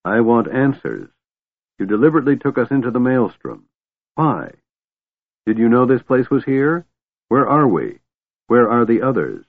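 A man voicing an angry, impatient half-elf warrior who fires off sharp demands, in a storybook reading. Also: on the low side, sing-song, moderate pace, breathy edge, phone-quality sound. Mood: furious.

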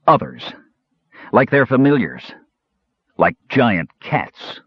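A man's voice: mid-range voice, very animated, slow pace, breathy edge, dry recording, exaggerated voice. A man doing a grim, accusing lord. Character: suspicious, accusing middle-aged male lord. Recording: slightly muffled dry recording.

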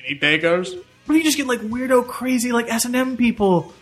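A man co-hosting a casual comedy podcast with quick jokey comebacks. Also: very high-pitched, faint music behind. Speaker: podcast co-host.

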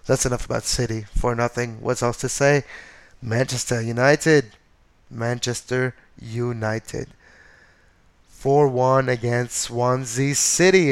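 A man of everyday middle pitch runs a one-man soccer podcast and rattles through the weekend's results. He talks casually and gets animated, tossing in jokes and correcting himself on the fly. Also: smooth. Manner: animated, excitable, jokey asides and self-corrections. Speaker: podcast host. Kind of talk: casual solo soccer recap.

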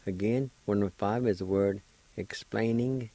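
Radio host, male, slow deliberate teacher, mellow dry studio voice. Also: lowish voice, no echo, low-quality recording. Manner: slow, deliberate, spells syllables one at a time. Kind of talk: slow spelling and pronunciation lesson.

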